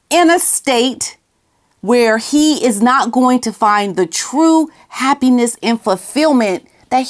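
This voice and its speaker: Woman vlogger, casual commentary, slightly high-pitched, emphatic and repetitive. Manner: emphatic, repeats key phrases, talks aside to someone off camera.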